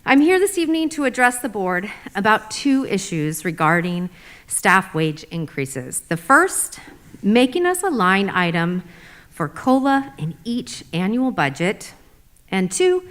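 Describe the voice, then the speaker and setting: A woman's voice: medium pitch, very animated, measured pace, a bit bright. A middle-aged woman teacher giving formal, organized public comment at a school board meeting.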